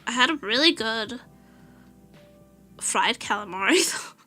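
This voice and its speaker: A Portuguese woman streaming a casual chat, telling an animated story with frequent laughter and swearing. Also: fairly high pitch, unhurried, soft background music. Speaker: VTuber streamer.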